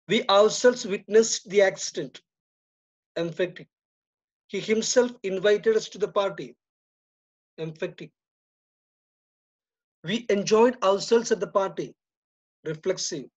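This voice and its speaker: A man with an Indian English accent teaching a grammar lesson, reading each example sentence and then giving the answer more quietly. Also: high voice, slow pace, pauses often. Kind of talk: slow, deliberate grammar lesson. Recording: dull lo-fi recording.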